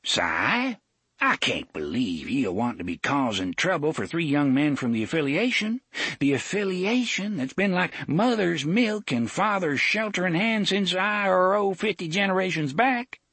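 A man's voice: on the high side, sing-song, a little slow, a bit bright, breathy edge, no echo, pitched above the performer's own voice, heavily acted. A man voicing a pudgy, pompous small-town sheriff who blusters in a folksy dialect. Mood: blustering.

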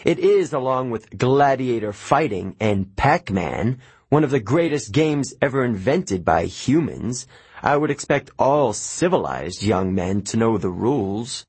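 Man doing a haughty camp-director god, slow scoffing drawl, husky, lively pitch, storybook read. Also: no room sound. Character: impatient, scornful male camp director, a god.

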